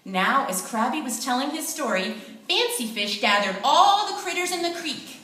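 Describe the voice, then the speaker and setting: Lively woman narrating a kids' play. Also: high-pitched, moderate pace. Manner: lively, expressive storytelling. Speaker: storyteller. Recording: echoey room, distant mic, faint noise.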